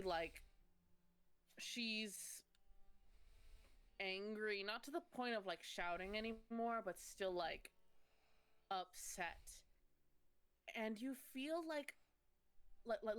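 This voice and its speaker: A woman narrating a tabletop game as game master, pausing often with hesitant filler sounds. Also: mid-range voice, fairly bright tone, clear, resonant tone.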